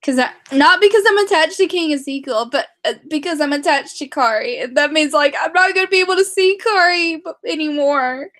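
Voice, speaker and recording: A young woman vlogging casually to camera, rambling and excitable, with many fillers and restarts. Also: high-pitched, a little fast, few pauses.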